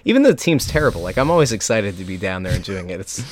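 A man's voice: fairly low pitch, big pitch swings. A man, co-hosting a sports podcast, chatting casually with frequent restarts. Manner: stammering restarts, quick and chatty. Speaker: podcast co-host, sports media. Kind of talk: casual chat.

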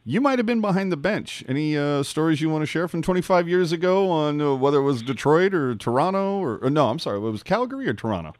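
A man hosts a sports radio interview and asks questions in a loose, conversational way, correcting himself as he goes. His voice sits a little high. The sound is close and dry. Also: expressive, fast, hardly any pauses, no room sound.

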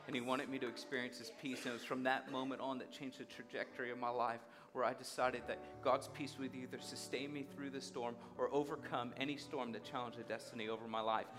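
A man's voice: mid-range voice, little pitch movement, fairly quick, hardly any pauses, music in the background. A man preaching a sermon, telling a personal story and acting out the dialogue. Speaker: guest speaker.

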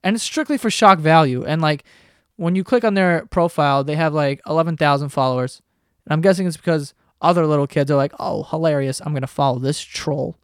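A man's voice: a little high, brisk, clean tone, no echo, studio quality. A man hosting a podcast, ranting casually with lots of swearing and sarcasm. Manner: profane, sarcastic, animated ranting. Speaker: podcast host.

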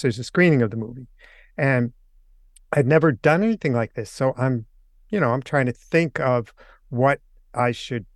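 An older man tells his story as a podcast guest, jumping into the voices of the people he quotes. His voice is smooth and resonant at a middle pitch. The sound is dry and close. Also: no echo. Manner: animated anecdote teller, acts out quotes. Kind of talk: casual storytelling.

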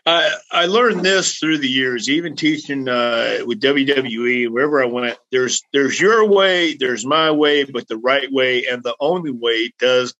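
A man's voice: medium pitch, a little slow, few pauses, lo-fi sound. A man on a video call, telling road stories in a casual chat and acting out his own outbursts. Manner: animated storyteller with voiced outbursts. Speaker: guest.

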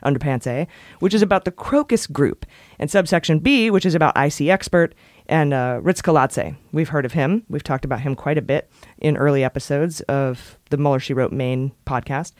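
A woman's voice: sits low, normal speed, a little mellow, dry recording, clean studio sound. A woman co-hosting a podcast in casual chat, wry and jokey, breaking into goofy voices and bits of song. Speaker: podcast co-host.

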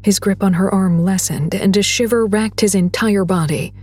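A woman narrating a story in a steady, measured read. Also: mid-range voice, slightly rough, soft background music. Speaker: audiobook narrator.

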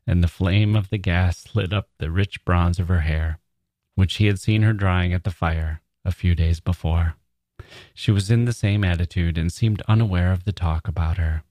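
A man hosting a podcast, reading a story in a measured, reflective way and commenting on it. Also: low-pitched, mellow, no room sound. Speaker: podcast host.

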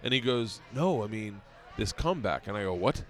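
A man's voice: lowish voice, expressive, a little fast, a bit bright, faint music behind. A man in his forties, a podcast guest, tells a long profane anecdote casually, acting out the quotes. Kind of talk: casual storytelling.

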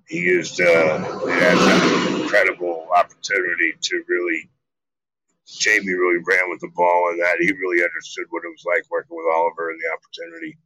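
Low-voiced middle-aged guy, punchy bright tone, dry close sound, swears a lot telling stories. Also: no room sound, poor audio. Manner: animated, profane storytelling with acted quotes. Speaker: guest actor. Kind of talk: storytelling interview.

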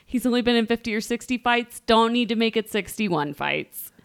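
Woman, Ohio-raised podcast co-host; gossipy, expressive delivery with wide pitch swings. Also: moderate pace, creaky, clear, resonant tone. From Columbus, Ohio, USA. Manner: chatty and gossipy, laughing often. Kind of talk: casual reality-TV recap chat.

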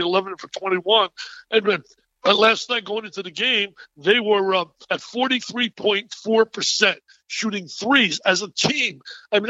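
A man in his eighties, an excitable and animated storyteller, talking as an interview guest. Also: high-pitched, dry recording, muffled recording. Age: 80s.

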